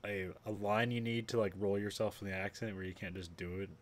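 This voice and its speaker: A man's voice: on the low side, fairly even intonation, fairly quick. A man chatting casually on a podcast who laughs often and talks about doing impressions. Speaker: podcast co-host. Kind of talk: casual chat.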